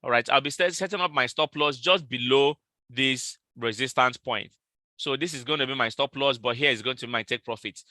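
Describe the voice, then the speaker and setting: A man with a very bright, sharp-edged voice hosts a live trading session. He repeats each call and spells out numbers slowly, and the sound is dry and close to the mic. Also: mid-range voice, no echo. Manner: repetitive, calls out trade levels slowly and repeats them. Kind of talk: live market analysis stream.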